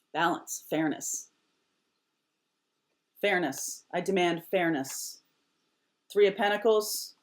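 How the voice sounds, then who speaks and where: A woman giving a casual tarot reading to camera, emphatic and repeating short firm phrases, sometimes dropping almost to a whisper. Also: medium pitch. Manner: drops to a near whisper at times. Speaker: tarot reader.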